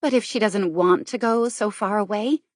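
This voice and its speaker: A woman voicing an anxious, impulsive young woman who asks quick, questioning things, for an audiobook. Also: mid-range voice, no echo, studio quality, voice pushed up, close to an everyday voice. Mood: earnest.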